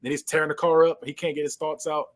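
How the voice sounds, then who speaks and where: A man co-hosting a podcast, casually retelling a movie scene by scene and acting out the characters' lines with lively voice changes. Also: on the high side, quick pace. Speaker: podcast co-host. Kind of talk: casual movie recap chat.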